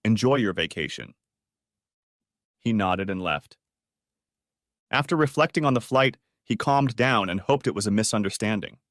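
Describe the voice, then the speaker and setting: A man narrating a scripted story with steady storytelling. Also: lowish voice, moderate pace, no room sound, studio quality.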